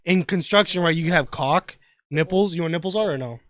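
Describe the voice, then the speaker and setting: A young man co-hosting a casual podcast, telling work stories with lots of profanity and animated delivery. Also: on the high side, brisk. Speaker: podcast co-host.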